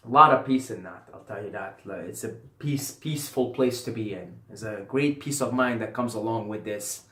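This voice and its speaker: A man's voice: fairly low pitch, moderate pace, fairly bright tone. Casual rambling man in an echoey room. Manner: rambling, repeats phrases for emphasis, swears casually. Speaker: vlogger. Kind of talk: casual philosophical monologue to camera. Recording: roomy echo.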